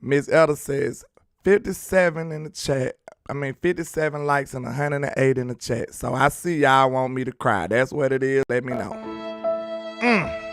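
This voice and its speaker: A man's voice: mid-range voice, steady tone, moderate pace, smooth, no echo, studio quality, soft background music. Laid-back slangy man hosting a sports stream. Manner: laid-back slangy banter, laughs often. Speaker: sports talk livestream host. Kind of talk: casual live chat reading comments.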